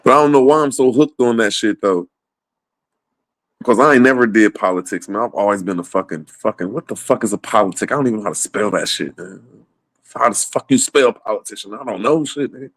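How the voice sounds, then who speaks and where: A man's voice: fairly low pitch, fairly quick, a bit bright, dry recording. A man ranting casually about politics, swearing a lot and laughing often between points. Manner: profane, rambling, laughs often.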